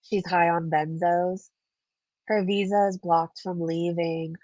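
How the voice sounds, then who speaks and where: A woman's voice: fairly low pitch, fairly even intonation, slow, a little mellow, dry recording, highs cut off. A woman hosting a casual commentary vlog, chatty and sarcastic, sounding stuffed up as she reads viewer comments. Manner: chatty, sarcastic, laughs often. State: stuffed up, congested. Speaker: commentary channel host.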